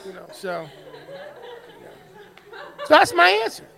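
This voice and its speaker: Man, from New Jersey, high pitch, bright tone, casual podcast banter. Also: sing-song, gravelly. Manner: easygoing, reads questions slowly. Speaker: podcast co-host. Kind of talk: casual banter, reading questions.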